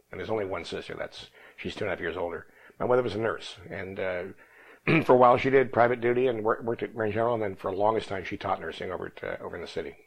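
A man's voice: lowish voice, creaky, breathy edge, rough recording. A man in his seventies from Northern California, reminiscing in a rambling oral history interview. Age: 70s. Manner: fast, rambling reminiscing with restarts.

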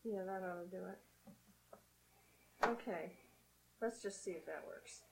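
A woman's voice: medium pitch, slow pace, vocal fry, a little mellow, a little hiss or hum, low-quality recording. A woman conducting an oral history interview, offering brief prompts and questions.

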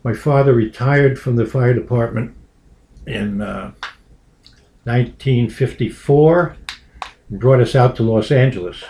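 Brooklyn-raised man recounting family history, halting and full of fillers. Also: medium pitch, dark tone. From Brooklyn, New York. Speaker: interviewee. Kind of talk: oral history storytelling.

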